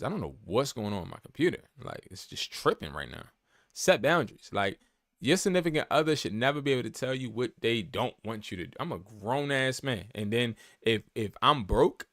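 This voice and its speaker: A man coaching fellow resellers in a casual vlog monologue, animated and slangy, repeating words for emphasis. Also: medium pitch, a little fast, gravelly, dry recording, studio quality.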